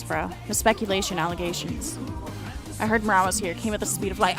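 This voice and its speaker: A woman streamer rambles through live reaction commentary, loud and full of swearing. Music plays under her voice. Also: mid-range voice, fast talker.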